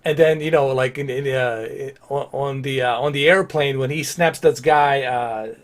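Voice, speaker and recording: A man's voice: mid-range voice, fairly even intonation, unhurried. A man chatting casually on a live game stream, rambling with lots of fillers and restarts.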